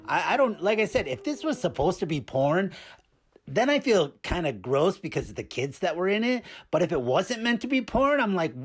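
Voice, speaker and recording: A man gives a high, very animated, slightly rough and exaggerated voice to a cheeky, randy male puppet who reviews movies. Speaking at normal speed and sounding bemused, the puppet rambles and stammers through a comedic review packed with filler words.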